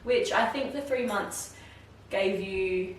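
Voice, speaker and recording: A woman's voice: medium pitch, slow, slight background noise. A woman, co-hosting a casual podcast chat, giving short agreeing replies and friendly questions. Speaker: podcast co-host. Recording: roomy room, distant mic, faint ambience.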